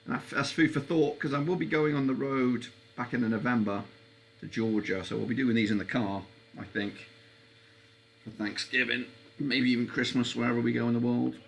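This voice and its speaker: A man hosting a live football watchalong stream, chatting casually and getting excitable, his voice leaping up whenever a chance comes. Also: normal speed, creaky, a little hiss or hum. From England. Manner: excitable, voice leaps up high on chances.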